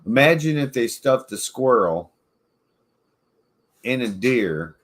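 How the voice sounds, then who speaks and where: A man's voice: medium pitch, lively intonation, slow. A man hosting a casual chat, rambling, swearing freely and laughing often. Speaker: podcast host.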